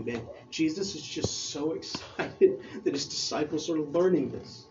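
A man preaching a casual, excited sermon, talking with slang and restarting his phrases as he reads scripture. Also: on the high side, a little slow, few pauses, lo-fi sound, slight background noise.

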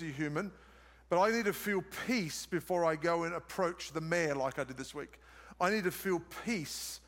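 A man's voice: on the high side, fairly bright tone. A man with an Australian accent preaching a sermon at a live church service, using emphatic repetition and asking the congregation questions. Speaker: pastor. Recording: long hall reverb from live service.

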